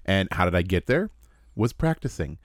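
A man with a very low, deep voice speaks on a podcast in an earnest, reflective tone. His sound is dry and close, with no room around it. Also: sing-song, normal speed, no echo. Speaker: podcast co-host and player. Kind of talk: casual chat.

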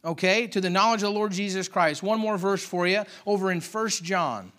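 Fervent high-voiced male preacher. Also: normal speed, fairly bright tone. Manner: fervent preacher, dynamic, repeats phrases. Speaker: pastor. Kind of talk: sermon.

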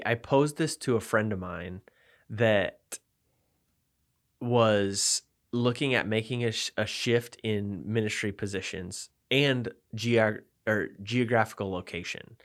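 Male co-host, lower voice, reflective and conversational, thinks out loud. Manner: reflective, thinks aloud with restarts. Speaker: podcast co-host. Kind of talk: casual chat.

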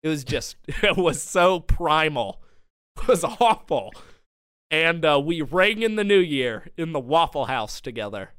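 A young man co-hosting a casual podcast, telling a rambling story with lots of laughs. His voice sits a little high and sounds smooth and clean. The close mic gives a dry, tight sound. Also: a little slow, no room sound. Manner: animated storyteller, often laughing. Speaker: podcast co-host. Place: home studio.

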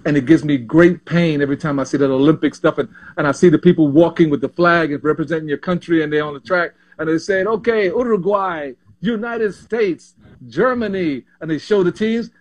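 A man in his sixties from Panama, a former basketball player telling stories as an interview guest, animated and often repeating himself. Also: a little high, quick pace, few pauses, muffled recording. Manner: animated, repeats and restarts words. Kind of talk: casual interview storytelling.

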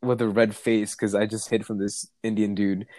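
A man's voice: lowish voice, level tone, normal speed, a little mellow, no echo. Laid-back young man telling stories. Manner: laid-back storyteller, swears freely, acts out voices. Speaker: co-host telling work stories. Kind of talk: casual chat.

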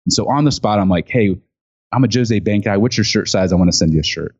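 A low-pitched man tells a story in an interview, animated and chatty. He acts out what other people said, with plenty of fillers and restarts. The recording sounds dull and lo-fi. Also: fast talker, breathy edge. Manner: animated storyteller acting out quotes with many fillers. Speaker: guest, speaker and author on gifting.

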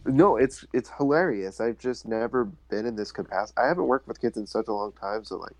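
A man's voice: brisk, no echo, poor audio. Dry-sounding young guy telling stories. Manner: storytelling, mimics kids in high voices. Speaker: podcast co-host. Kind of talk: casual chat.

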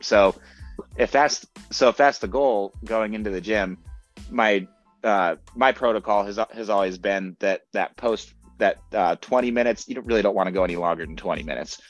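A man hosting a fitness podcast, talking quickly and eagerly, restarting and repeating words as he makes his points. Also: lowish voice, soft background music. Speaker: podcast host and fitness coach. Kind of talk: casual podcast chat. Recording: dull lo-fi audio.

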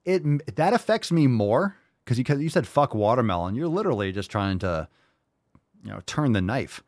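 A male podcast host with a lively, swooping delivery, teasing in a mock-angry and sarcastic way. His voice jumps from loud jabs to quiet grumbles, and it sounds dry and close to the mic with little room around it. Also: mid-range voice, moderate pace, no echo. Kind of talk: casual comedic banter.

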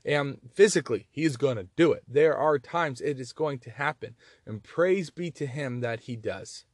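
A man with a Southern accent giving an earnest, animated Bible teaching, reading verses and often repeating words as he stresses a point. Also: mid-range voice, moderate pace, dry recording, studio quality.

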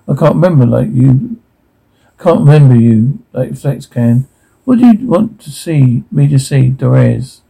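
A man reads a drama script aloud, stage directions and all, taking every part himself. His voice sits a little high for a man, yet it is dark and mellow in tone. It is thick with gravel and has a husky edge. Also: rough recording.

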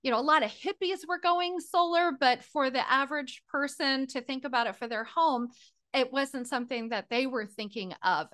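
A middle-aged woman, a podcast guest, telling her personal story in an animated, emotional way, close to tears at times. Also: high voice.

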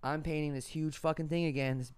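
A man's voice: a little high, fairly even intonation, quick pace, smooth. A man hosting a podcast, telling a story in casual, laid-back chat and swearing freely. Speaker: podcast host.

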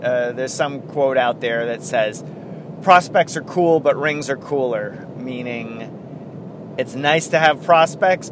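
A man's voice: mid-range voice, noisy background. A man hosting a casual solo sports podcast, rambling and correcting himself as he goes, with frequent chuckles. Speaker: podcast host.

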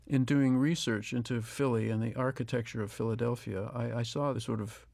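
Gravelly director giving film commentary. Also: male voice, mid-range voice, steady tone, darkish tone. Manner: reflective, thinking aloud with pauses and restarts. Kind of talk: audio commentary.

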